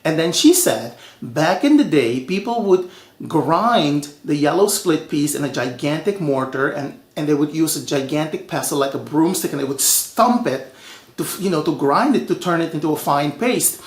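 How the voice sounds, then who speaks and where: A man's voice: fairly high pitch, normal speed, roomy sound. Chatty man hosting a cooking show. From Suriname. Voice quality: lively, chatty storyteller. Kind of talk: casual cooking show talk.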